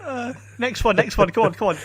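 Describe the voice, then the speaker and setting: High-voiced man teasing his co-host. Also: fairly quick, a bit bright, slightly rough, no room sound. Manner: teasing, pushy questions. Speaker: podcast host. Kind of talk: casual comedy chat.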